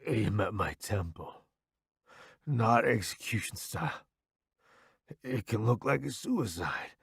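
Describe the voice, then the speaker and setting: A man voicing a dying young soldier who begs in a weak, slow, pleading voice. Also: on the low side, animated, vocal fry, husky, dry recording, clean studio sound, full character voice. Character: dying young male soldier, begging and fading.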